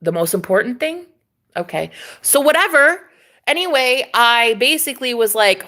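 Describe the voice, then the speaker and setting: A young woman with a slightly high voice tells a story on her vlog. She talks in an animated way, full of slang and swearing. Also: moderate pace. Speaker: vlogger.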